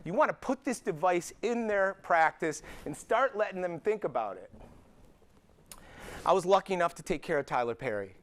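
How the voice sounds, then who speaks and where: Middle-aged man, chiropractor, storytelling talk to peers, acts out dialogue, lively intonation. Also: high-pitched, moderate pace. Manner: animated storyteller acting out dialogue. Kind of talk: conference talk with anecdotes.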